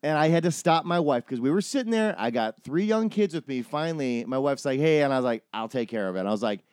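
A man's voice: medium pitch, expressive, fast talker, darkish tone, smooth, no echo. A middle-aged man co-hosting a podcast, telling a story in casual chat, acting out quotes and swearing freely. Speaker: podcast co-host.

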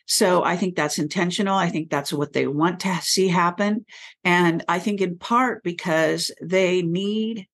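A woman guest in an interview, speaking in a measured way and pausing often with fillers. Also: on the low side. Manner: measured, pauses with many fillers. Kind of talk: interview conversation.

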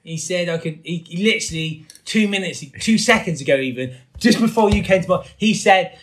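Male co-host, slightly high, jokey and profane, casual beer chat. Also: a little fast, few pauses. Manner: jokey, laughs often, swears.

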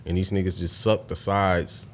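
A young man in casual podcast chat, telling stories full of swearing and breaking into loud laughter. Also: deep voice, fairly even intonation, moderate pace. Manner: profane storytelling, bursts into loud laughter.

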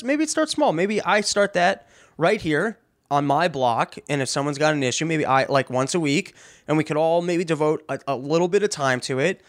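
Man, podcast host, profane comedic rant, stammering restarts, slightly high voice, dry close sound. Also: dry recording. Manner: animated, swearing, stammering restarts.

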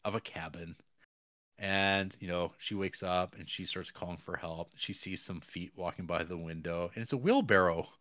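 A man's voice: sits low, moderate pace, fairly bright tone, no room sound, studio quality. A man co-hosting a podcast, recapping a film in a rambling casual way with frequent chuckles. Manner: rambling, chuckles often, many fillers. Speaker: podcast co-host.

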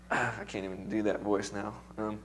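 A man's voice: on the low side, a little hiss or hum. A man teaching music theory to a worship class in a casual, encouraging way, often checking in with his students, his voice a little worn. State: recovering voice.

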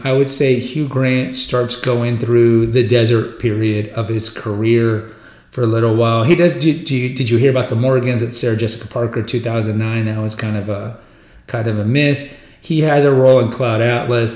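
A man's voice: medium pitch, moderate pace, darkish tone. A man hosting a podcast, chatting casually and enthusiastically about a film career in a rambling, conversational way. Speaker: podcast host. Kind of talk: casual film retrospective chat. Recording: roomy echoey room sound.

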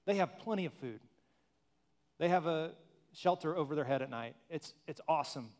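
A man preaches in a relaxed, conversational way, animated and full of humorous asides. He acts out the people in his story, and his voice sits somewhat high for a man. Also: normal speed. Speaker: pastor. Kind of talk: conversational sermon.

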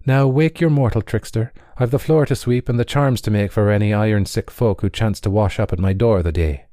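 A man's voice: fairly low pitch, fairly quick, warm tone, dry recording, studio quality, pitched above the performer's own voice, natural voice. A man voicing an ancient, fierce female fairy who speaks sternly and commandingly.

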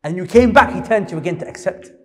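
A man preaching a sermon, emphatic and quick, often questioning his listeners. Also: high-pitched, lively intonation, fairly bright tone, in a large hall. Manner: rapid, emphatic, questions the audience.

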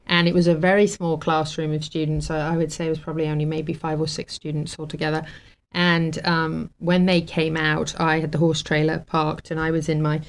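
A woman's voice: low-pitched, flat delivery, a little fast. A woman guest on a talk show, telling a heartfelt story casually, with fillers and laughter. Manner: warm and emotional, laughs often, many fillers.

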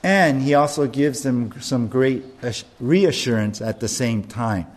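A male pastor preaching a sermon, earnest and deliberate, with emphatic rises on key words. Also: mid-range voice.

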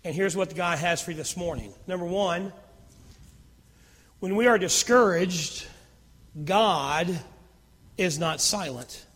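A man preaching a sermon as pastor, slow and emphatic, repeating key phrases. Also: high voice, fairly bright tone. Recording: long reverb of a hall.

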